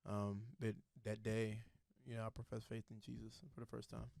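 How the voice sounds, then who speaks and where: A man's voice: lowish voice, completely flat delivery, normal speed, vocal fry, darkish tone, dry recording, studio quality. A young man, a podcast guest, telling his faith story in a casual, earnest way and acting out the voices of the people in it.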